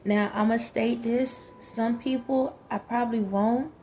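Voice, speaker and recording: A woman's voice: a little high, steady tone, unhurried, a little mellow, a little hiss or hum. A woman talking frankly and emphatically in a casual monologue, with many fillers. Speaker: vlogger.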